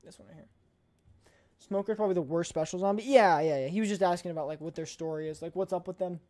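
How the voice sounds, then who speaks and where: A woman's voice: lowish voice, quick pace, a little mellow. A woman streamer chatting casually on a live stream, emphatic and playfully blunt, often repeating her points.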